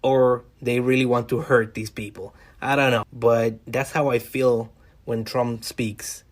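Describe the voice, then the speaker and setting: A man's voice: mid-range voice, flat delivery, measured pace. Wry, chatty male podcast host. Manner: conversational, wry, addresses listeners directly. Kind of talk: casual solo podcast monologue.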